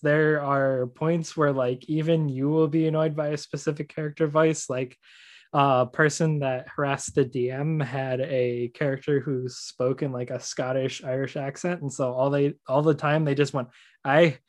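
A man's voice: mid-range voice, little pitch movement. A man co-hosting a casual chat, playful and eager to join in a joke. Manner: playful, quick to join in a bit. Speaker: podcast co-host.

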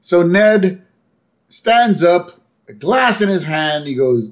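A man co-hosting a podcast, chatting casually and acting out cartoon lines in quick voices. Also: high voice. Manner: animated, acts out character lines in quick voices. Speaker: podcast co-host. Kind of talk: casual chat recapping a cartoon episode.

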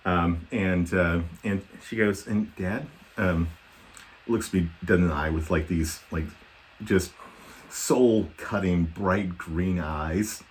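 A man's voice: low-pitched, slow pace, slight background noise. Rambling man telling a dad story. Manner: rambling, self-deprecating, many ums and likes. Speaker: podcast co-host. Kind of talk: casual storytelling chat.

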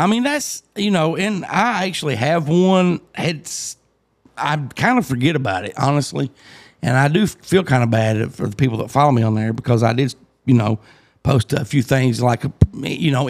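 A man hosting a podcast, talking hesitantly with many fillers and a dry sarcastic streak. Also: mid-range voice. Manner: hesitant, lots of uh and you know, sarcastic. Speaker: podcast host. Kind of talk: casual podcast chat.

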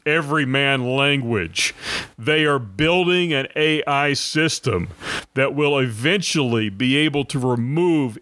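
A man's voice: medium pitch, sharp tone, no echo. A man hosting a political commentary show, delivering an indignant monologue and repeating points for emphasis.

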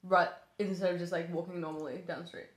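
Animated woman chatting in an echoey room. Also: fairly low pitch, fast talker. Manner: animated storyteller, swears freely, laughs often. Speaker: podcast host. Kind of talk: casual chat.

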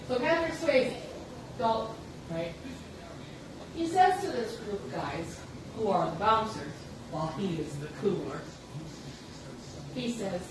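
A woman's voice: mid-range voice, very animated, unhurried, long pauses. Blunt, profane woman chatting in an echoey kitchen. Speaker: podcast host. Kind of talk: casual rambling monologue. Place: home kitchen. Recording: echoey room, far from the mic, noisy.

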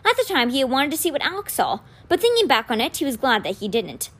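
A woman reading a children's novel aloud with expressive storytelling. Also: high voice, fast. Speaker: reader.

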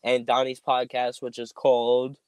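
A man's voice: medium pitch, completely flat delivery, normal speed, darkish tone, a little hiss or hum. A man hosting a casual podcast, rambling with lots of ums while making announcements. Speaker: podcast host.

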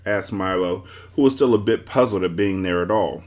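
A man hosting a book club podcast, reading a children's book aloud with expressive storytelling. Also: low voice, moderate pace, hardly any pauses. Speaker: book club host and reader.

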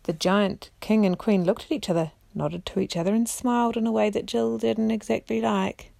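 Woman reading a bedtime chapter book to her kids, gentle and unhurried, a bit of gravel in her voice, dry close sound. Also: medium pitch, steady tone, no echo. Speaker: parent reading aloud. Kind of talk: storybook reading aloud.

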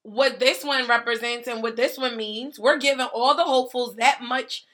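A woman co-hosts a loose podcast chat, quick to tease and laugh. Her voice sits high and rings bright and sharp. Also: fairly even intonation. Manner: laughs often, playful teasing. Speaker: podcast co-host. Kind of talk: casual chat.

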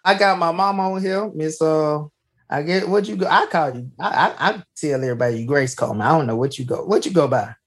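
Speaking fairly quickly, a man whose voice sits a little higher than most men's tells stories on his podcast in a casual, folksy way. He keeps saying "hey" and restarting sentences.

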